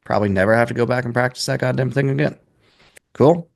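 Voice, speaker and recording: A man's voice: medium pitch, fast, creaky. A man in his twenties coaching a sales class in a casual, blunt way, swearing freely. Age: 20s.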